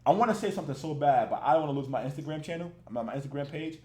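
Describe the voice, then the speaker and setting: Male reaction-video host, high and roomy-sounding, blunt and profane, laughs a lot. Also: rapid-fire, darkish tone. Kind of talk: casual ranting commentary.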